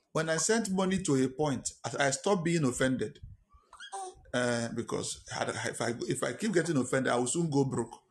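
A man preaching a sermon as pastor, emphatic, repeating key lines and firing rhetorical questions at the congregation. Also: medium pitch. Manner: fires rhetorical questions at listeners.

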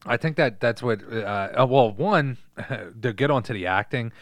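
A man's voice: mid-range voice, a little slow, dry recording. A man co-hosting a casual podcast movie review, laid-back and often laughing as he reads credits and describes scenes. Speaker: podcast co-host.

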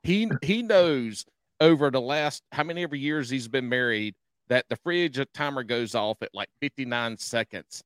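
Podcast co-host, man, teasing banter; bright voice, dry close mic. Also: medium pitch, expressive, moderate pace, dry recording. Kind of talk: casual podcast chat.

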